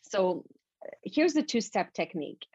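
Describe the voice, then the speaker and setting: A French Canadian woman, a native French speaker, explaining a mindset technique as a podcast guest in an animated, repetitive way. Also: mid-range voice, normal speed, breathy edge, no echo. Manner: animated, repetitive, stumbling restarts. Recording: dull lo-fi dry recording.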